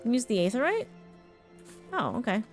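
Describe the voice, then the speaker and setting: A woman's voice: fairly high pitch, big pitch swings, moderate pace, faint music behind. A woman streamer chatting casually as she plays, reacting to the game and thanking her chat. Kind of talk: casual live-stream commentary.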